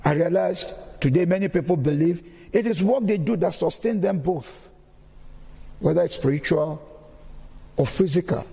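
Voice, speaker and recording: Gravelly-voiced man preaching in a hall. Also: high voice, moderate pace, dark tone. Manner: preacherly, repeats key phrases. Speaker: church member giving testimony. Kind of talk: sermon testimony.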